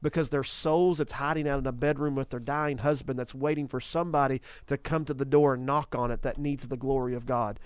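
A man's voice: mid-range voice, steady tone, brisk, few pauses, smooth, dry recording. Earnest preaching man, dry sound. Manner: earnest, repeating phrases for emphasis. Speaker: Christian ministry show host. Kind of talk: preaching, sharing a vision.

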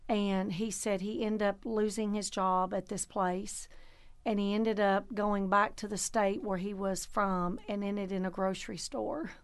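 A woman co-hosting a faith show, telling a story in an animated way with rising emphasis. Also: medium pitch, measured pace, clean tone. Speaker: co-host. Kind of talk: casual faith chat.

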